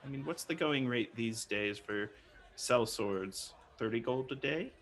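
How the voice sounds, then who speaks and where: An earnest gray-haired older woman, chatty and persuasive, quietly pleading for help, as a man voices her. The delivery is unhurried and even, with a faint bed of music behind it. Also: medium pitch, lightly acted.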